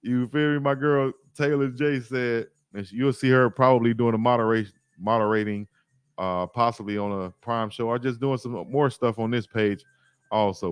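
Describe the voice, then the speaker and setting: A man from Alabama, hosting a sports livestream, telling stories in a slangy, lively way and reading chat comments aloud. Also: medium pitch, normal speed, clean tone, no room sound. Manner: slangy, animated storytelling, reads chat aloud. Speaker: sports YouTube host.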